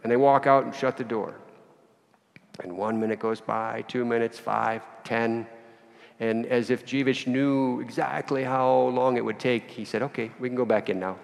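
A man giving a sermon, telling a story with acted dialogue in an animated way. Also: mid-range voice, unhurried, vocal fry. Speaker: priest. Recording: long reverb of a church hall.

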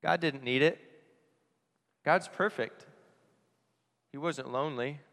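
A priest giving an earnest Christmas homily, asking rhetorical questions and dropping softly on key phrases. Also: male voice, on the high side, takes it slowly, vocal fry. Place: church. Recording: long church reverb.

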